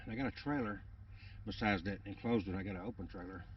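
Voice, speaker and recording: A man's voice: lowish voice, fast, slight background noise. A man rambling through a casual vlog outdoors, out of breath and full of fillers. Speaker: vlogger. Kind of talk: casual rambling walk-and-talk. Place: outdoors on wooded rural land. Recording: distant dull outdoor recording.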